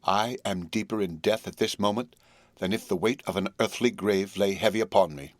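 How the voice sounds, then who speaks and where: Guy doing a solemn tender young wife, pleading softly, lowish voice. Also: moderate pace, no room sound, close to an everyday voice. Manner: earnest, pleading.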